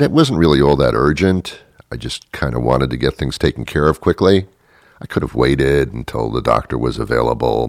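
Man, radio host, very low voice, gravelly, dry self-mocking humor, bone-dry studio sound. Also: dry recording. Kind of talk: rambling comic monologue.

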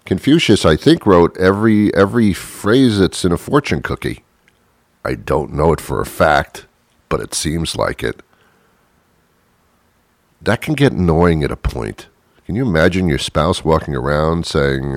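A deep-voiced man delivers a sarcastic comedic rant, his pitch swinging widely as he mocks and chuckles. The sound is dry and close, with no room around it. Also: very animated, a little slow, no echo. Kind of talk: comedic monologue.

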